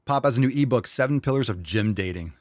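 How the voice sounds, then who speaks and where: A man's voice: medium pitch, animated, no echo, studio quality. A young man hosting a live podcast, joking and irreverent as he answers viewer questions. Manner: joking, irreverent, quick asides and put-on voices. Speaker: podcast host.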